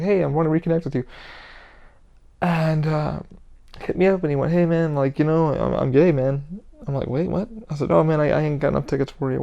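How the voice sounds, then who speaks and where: A man talks through his own podcast on his own, loose and rambling, dropping curses and acting out what friends told him. His voice sits a little high for a man and has a gravelly, fried edge. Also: dark tone, muffled recording. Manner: rambling, profane, quick to act out quoted friends. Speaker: podcast host. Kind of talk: casual solo podcast monologue.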